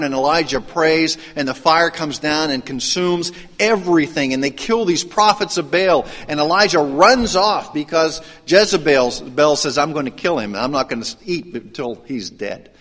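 A man preaching a sermon. He swings between raised, emphatic lines and hushed, dropped asides. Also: on the high side, long reverb tail. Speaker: pastor.

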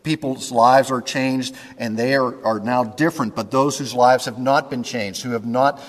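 Man, pastor, conversational sermon, checks in with "okay?", mid-pitched voice, long hall reverb. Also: fairly even intonation, moderate pace.

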